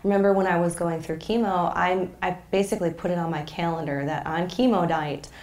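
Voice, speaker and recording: An earnest woman speaks as a podcast guest, reflective and openly moved. Her voice sits low with a gravelly fry. The room gives it an audible echo. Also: fairly even intonation, fairly quick, a little mellow. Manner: earnest, reflective, gets emotional. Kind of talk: casual faith conversation.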